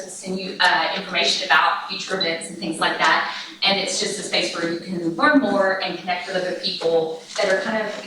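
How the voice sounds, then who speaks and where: A woman's voice: medium pitch, far from the mic. A woman with a Texan accent giving a chatty conference talk to an audience, acting out her back-and-forth dialogue and then taking questions. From Texas. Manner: chatty, acts out dialogue with quick quoted voices. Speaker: conference speaker. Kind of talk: presentation with audience Q&A. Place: conference room. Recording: echoey room recorded from afar, noisy.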